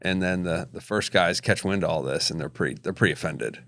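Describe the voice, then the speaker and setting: A man co-hosting a casual faith podcast, retelling a story haltingly with many restarts. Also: low voice, creaky, a bit bright, no echo, studio quality. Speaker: podcast co-host.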